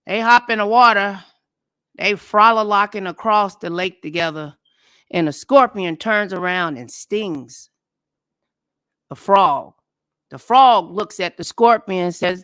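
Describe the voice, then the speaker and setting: A woman hosting a casual livestream, telling stories and commenting in a blunt, profane, animated way. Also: medium pitch, takes it slowly, clean tone. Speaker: livestream host.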